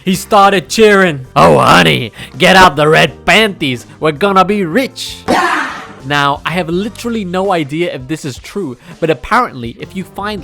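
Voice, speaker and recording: A young man telling a comedic story about himself, animated and mocking, slipping into silly voices. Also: sits high.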